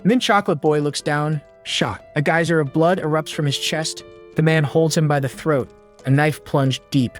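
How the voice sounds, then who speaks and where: A man's voice: a little high, moderate pace. Slangy male recap narrator over music. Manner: slangy, punchy quips. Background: faint background music.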